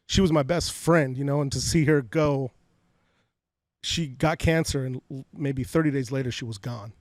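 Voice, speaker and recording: A man's voice: a little high, darkish tone, no echo. A man in his forties from Fresno, California, a podcast guest candidly telling emotional stories from his life and often repeating words as he talks. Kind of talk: personal storytelling interview. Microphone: podcast studio mic.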